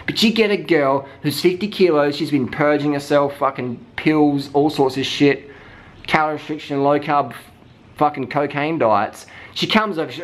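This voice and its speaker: A man's voice: fairly high pitch, moderate pace. A man ranting heatedly, swearing constantly and mimicking people in mocking voices. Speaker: vlogger. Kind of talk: profane rant.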